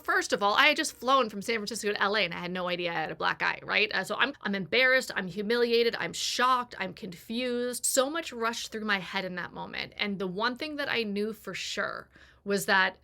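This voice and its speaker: Bright-voiced woman telling a candid story. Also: medium pitch, animated, fairly quick. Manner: candid, acts out quoted voices in her story. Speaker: personal growth creator. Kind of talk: confessional storytelling.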